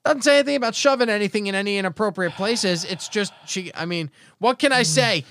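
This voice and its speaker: A man's voice: high voice, fast talker, a bit bright. A man hosting a casual comedy podcast, reading out odd news stories with wry jokes. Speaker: podcast host.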